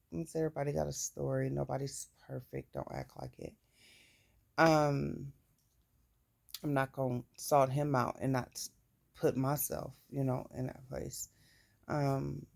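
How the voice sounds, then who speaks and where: A woman's voice: very deep voice, gravelly, a little mellow. A woman recounting her own life story in a candid, plain-spoken way, with casual swearing. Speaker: vlogger. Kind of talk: personal storytelling.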